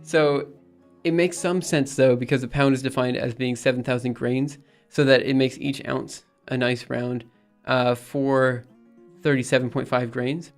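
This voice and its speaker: A young man from the United States rambles through a casual live-stream chat, reading messages aloud and insisting again and again that things are fine, sounding exasperated yet reassuring. His medium-pitched voice has little pitch movement and is a little slow, with soft background music.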